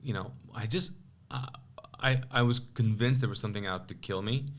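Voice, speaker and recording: A man's voice: lowish voice, normal speed. A pastor from Kuwait telling his personal testimony as a podcast guest, acting out the voices of both people in an old conversation. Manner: animated, acts out quoted dialogue with many asides.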